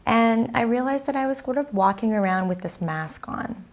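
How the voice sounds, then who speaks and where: A woman's voice: a little high, moderate pace. A woman in her thirties, a prenatal class teacher, talking openly and reflectively in an interview, with many fillers. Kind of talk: candid interview conversation.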